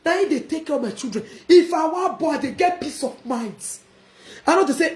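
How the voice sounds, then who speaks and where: A woman with a Nigerian Pidgin accent ranting defiantly in a casual live video, breaking into laughter and sudden shouts. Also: sits high, lively intonation, a little fast, roomy sound, a little hiss or hum. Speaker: vlogger.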